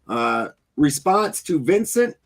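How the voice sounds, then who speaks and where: A man moderates a livestream debate and reads out viewer messages. His voice is slightly high. He keeps things relaxed and casual. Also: slow pace.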